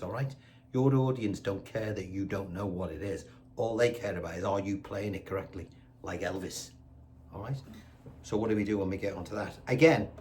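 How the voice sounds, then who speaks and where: A man teaching a guitar lesson, chatty and reassuring, counting beats aloud as he plays. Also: on the low side. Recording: guitar playing loudly behind the voice.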